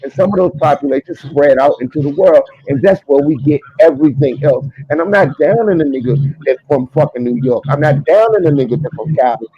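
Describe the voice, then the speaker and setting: A man's voice: fairly high pitch, a little fast, few pauses, breathy edge, dry recording. A man with a Virginia accent, talking emphatically and profanely in a heated casual discussion. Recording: muffled lo-fi audio.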